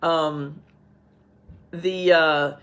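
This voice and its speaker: A woman's voice: low voice, steady tone, extremely slow, fairly bright tone. A middle-aged woman who teaches cooking, talking to camera at home in a chatty, rambling, upbeat way. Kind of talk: casual talk to camera.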